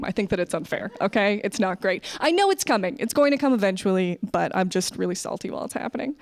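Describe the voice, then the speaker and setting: A woman's voice: mid-range voice, big pitch swings, fast, gravelly, few pauses. A young American woman doing a stand-up set to a camera, chatty and self-deprecating, laughing between jokes. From United States. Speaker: stand-up comedian. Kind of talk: online stand-up comedy set. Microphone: camera, sometimes leaning in too close.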